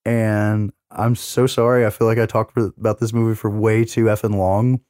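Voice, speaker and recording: Guy hosting a podcast, retelling a movie all excited, swears constantly, dry mic. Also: on the low side, normal speed, dry recording. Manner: profane, animated retelling with acted-out quotes. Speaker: podcast host. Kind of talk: casual movie recap chat.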